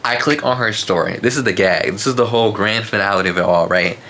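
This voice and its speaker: A man telling a casual storytime vlog, animated and slangy, with lots of fillers and asides to his viewers. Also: lowish voice, quick pace, slight background noise.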